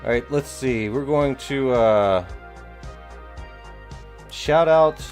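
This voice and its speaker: Male streamer host, playful and teasing, unhurried, with faint music underneath. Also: mid-range voice, a little mellow. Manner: playful, teasing, talks while working the stream. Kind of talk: casual live-stream chat.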